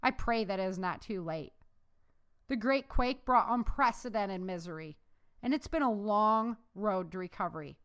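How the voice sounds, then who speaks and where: A woman's voice: medium pitch, normal speed, fairly bright tone, clean tone, close to an everyday voice. A woman voicing an earnest, heartfelt young woman who survived a disaster.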